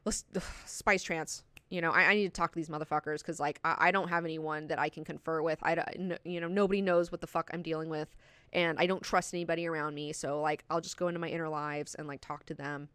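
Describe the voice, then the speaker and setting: A frazzled young woman ruler, overwhelmed and cursing her burdens in a bright, smooth voice, as a woman puts her on. She talks in a plain, everyday way. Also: low voice, fairly even intonation, quick pace, no echo. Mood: exasperated. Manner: exasperated, swearing.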